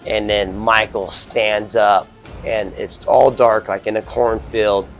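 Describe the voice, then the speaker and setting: Lowish-voiced man ranting a profane movie review. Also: flat delivery, takes it slowly, creaky, soft background music. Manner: rambling, heavily profane, filler-laden. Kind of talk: casual spoken film review.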